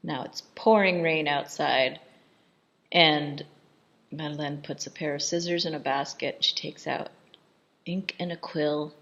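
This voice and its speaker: A woman's voice: deep voice, fairly even intonation, unhurried, gravelly, a bit bright, highs cut off. A woman giving casual film commentary, retelling scenes with chatty amusement and frequent laughter.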